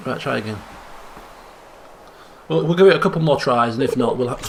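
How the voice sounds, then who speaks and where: A young man giving excitable let's play commentary, chattering and repeating phrases in bursts. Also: medium pitch, normal speed, creaky, pauses often, slight background noise. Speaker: gaming channel host.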